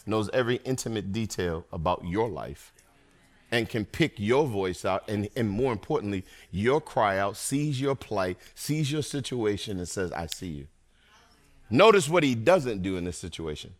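A middle-aged man preaching a sermon to a congregation, animated and energetic, calling out to the crowd between points. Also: fairly low pitch, normal speed. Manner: animated preaching with call-and-response asides. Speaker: pastor.

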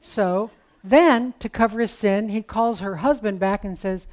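A woman's voice: medium pitch, normal speed, a little mellow. A woman preaching a sermon in a conversational, storytelling way with casual asides.

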